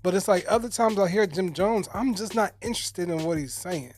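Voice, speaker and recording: A man's voice: high voice, fairly quick, soft background music. A man co-hosting a podcast, giving a casual album review in a rambling way, full of "you know" and "um". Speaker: podcast co-host.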